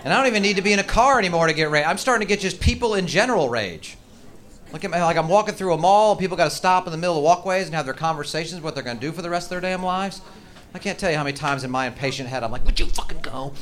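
A man's voice: on the high side, lively intonation, very fast, a bit bright. A middle-aged man doing profane, ranting, self-mocking stand-up comedy in a live club set. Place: comedy stage.

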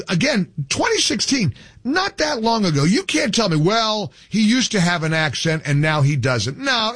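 A man's voice: high voice, a bit bright, husky, no room sound. A man hosting a talk radio show, speaking emphatically with scornful, repetitive insistence. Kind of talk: opinionated talk radio monologue.

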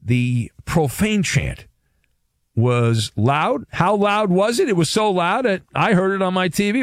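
Lively, wisecracking male radio host. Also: medium pitch, no echo. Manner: animated, playful and wisecracking. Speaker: sports talk radio host. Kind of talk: sports talk radio monologue.

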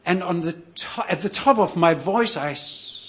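An older man from Denmark, telling a personal story on stage in a measured, reflective way with pauses. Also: sits high, expressive, fairly bright tone, a little hiss or hum. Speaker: storyteller, priest.

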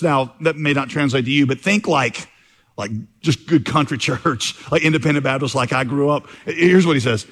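A pastor giving a sermon, telling a story in a relaxed, conversational way with occasional fillers. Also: male voice, medium pitch, normal speed. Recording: long reverb.

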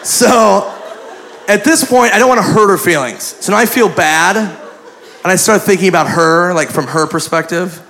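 A man doing stand-up, telling a story in an animated, profane, self-mocking way. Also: high voice, moderate pace, vocal fry, slight background noise. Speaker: stand-up comedian. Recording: live club with audience laughter.

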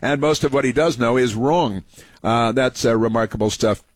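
Husky-voiced man hosting talk radio. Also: medium pitch, moderate pace, no room sound. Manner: rambling, full of fillers and repeated phrases. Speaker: radio talk show host. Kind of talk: opinionated call-in radio monologue.

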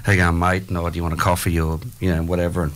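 A man's voice: low voice, flat delivery. Rambling Australian man hosting. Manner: rambling, halting with many fillers. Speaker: radio host. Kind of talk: casual chat.

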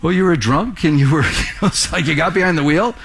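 A man's voice: a little high, fast, a bit bright, breathy edge. A man preaching a sermon in a conversational way, often repeating words and asking the congregation questions. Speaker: pastor.

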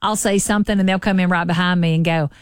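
A woman's voice: lowish voice, steady tone, smooth, no echo, clean studio sound. A woman from rural Alabama with a thick Southern country twang, co-hosting a radio show in folksy banter. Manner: folksy, quick to laugh. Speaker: radio co-host. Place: radio studio.

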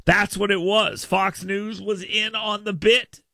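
A man's voice: high-pitched, steady tone, slow pace, vocal fry, pushed and bright, no echo, studio quality. A man hosting a political talk radio show, ranting sarcastically. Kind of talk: opinionated talk radio monologue.

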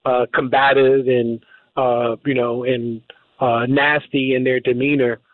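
A man's voice: medium pitch, flat delivery, a little slow, no echo. A man hosting a call-in radio show, taking calls and often stumbling and restarting over words. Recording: narrow phone-like radio audio.

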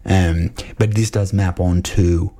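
Man, deep voice, mellow tone, thoughtful rambling podcast talk, lots of ums and restarts. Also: fairly even intonation, slow. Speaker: podcast host discussing a film. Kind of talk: casual analytical talk.

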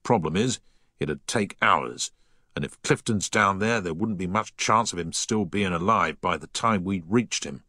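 A man's voice: deep voice, unhurried, bright, forceful tone, dry recording, clean studio sound, heavily acted. A man voicing a curt, dismissive dockyard foreman in a story reading. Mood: blunt.

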